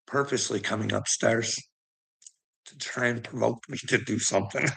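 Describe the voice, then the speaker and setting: A middle-aged man rants in a gravelly, tense voice, swearing freely and breaking into laughter. He taunts someone he calls "bud". His tone stays sharp and edgy. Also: mid-range voice, fairly even intonation, normal speed. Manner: taunting, addresses the listener as bud. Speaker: vlogger. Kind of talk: profane ranting monologue.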